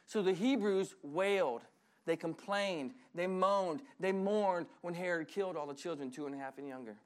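High-pitched male preacher, animated, chatty sermon delivery. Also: normal speed. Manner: animated, conversational preaching with acted voices. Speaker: pastor.

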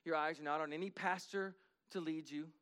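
A pastor with a notably high, smooth, slightly bright voice preaches in a church sanctuary, speaking earnestly and conversationally at a little fast pace. His intonation stays fairly even while his intensity climbs as he urges the congregation on.

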